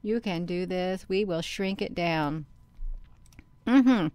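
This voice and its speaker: Smooth-voiced woman narrating her screen. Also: lowish voice, slow pace, dry recording. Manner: excitable, bursts into loud exclamations; talks to herself by name and to viewers. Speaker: channel host. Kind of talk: casual screen-share commentary.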